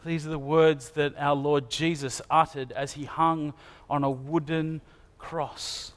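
A man with a fairly high voice preaches a sermon, earnest and searching, turning questions back on his listeners. His words ring out with a long reverb, as in a church hall. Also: little pitch movement, takes it slowly.

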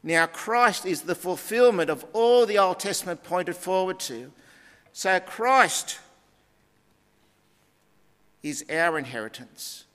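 A man preaching a sermon in a measured teaching tone with deliberate emphasis. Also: sits high, animated, a bit bright. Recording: long reverb of a large hall.

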